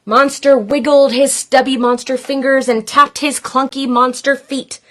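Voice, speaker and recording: A woman reading a children's picture book aloud in a playful, expressive way. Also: sits high. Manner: playful, expressive, slow and deliberate. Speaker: storyteller.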